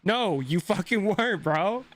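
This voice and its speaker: A man's voice: sits high, lively intonation, a little slow. A young man streaming a game, ranting casually and swearing a lot as he talks to his chat. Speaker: gaming streamer.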